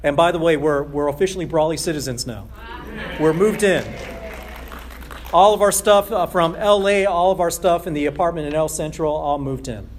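A man preaching a sermon as a pastor, emphatic and repeating key phrases, slowing down on scripture quotes. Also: a little high, a little hiss or hum.

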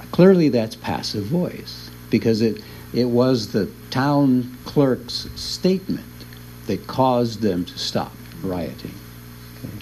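A man's voice: fairly low pitch, darkish tone, a little hiss or hum, poor audio. A man teaching a Bible class in an easygoing lecture, often chuckling as he explains.

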